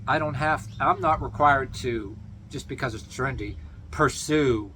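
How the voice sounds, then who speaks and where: A man's voice: medium pitch, unhurried, pushed and bright, slight background noise. A man delivering a meandering opinion monologue as a vlogger, swearing freely and half-laughing as he talks. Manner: meandering, profane, chuckling.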